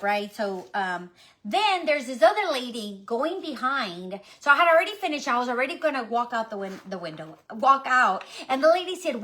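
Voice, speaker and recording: A middle-aged woman from the Houston area tells a rambling story about her busy morning to her live-stream viewers in a chatty, animated way, calling them y'all. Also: on the high side, normal speed. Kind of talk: casual storytelling.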